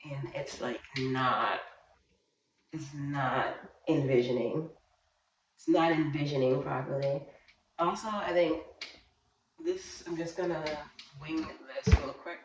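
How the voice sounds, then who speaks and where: A woman sewing on camera, talking through her doubts in a low, slow voice that sometimes sinks to a mutter. She sits back from the microphone in an echoey room. A faint hiss runs beneath her words. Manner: self-doubting, talking to herself, drifting into quiet mutters. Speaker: sewing vlogger. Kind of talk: casual vlog narration while working. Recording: roomy, from a distance, faint noise.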